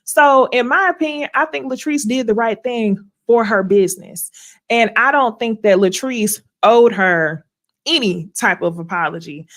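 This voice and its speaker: A woman hosts a casual reality TV recap in an animated, blunt way. She swears freely and laughs often as she talks. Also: a little high. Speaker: host.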